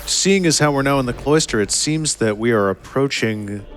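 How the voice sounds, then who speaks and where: A man's voice: mid-range voice, moderate pace, a little hiss or hum. A man hosting a live charity gaming marathon, reading out donations with a playful, joking manner. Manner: playful, jokey, laughs often. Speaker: event host reading donations.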